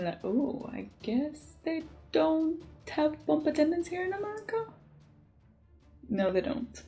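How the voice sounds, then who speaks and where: Animated Jamaican woman telling stories. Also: medium pitch. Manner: animated, emphatic, frequent "like". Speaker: beauty vlogger. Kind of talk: casual chatty storytelling.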